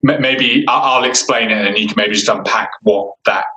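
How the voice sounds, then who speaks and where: A man in casual chat, telling stories in an animated way and laughing often. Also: mid-range voice, moderate pace. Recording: roomy echo.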